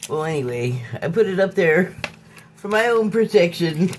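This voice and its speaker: A woman hosting her own podcast, speaking in an unscripted, reflective monologue. She talks in a halting, musing way, often pausing to search for words and restarting her phrases. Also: fairly low pitch, animated, slight background noise. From Hollywood, United States. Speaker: podcast host.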